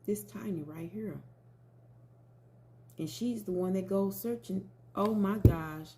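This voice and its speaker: A woman tarot reader chats with her viewers in a slow, unhurried way. Her voice sits a little low and has a gravelly, mellow tone. A faint hiss runs underneath. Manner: chatty, addresses viewers as y'all. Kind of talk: casual commentary and tarot reading.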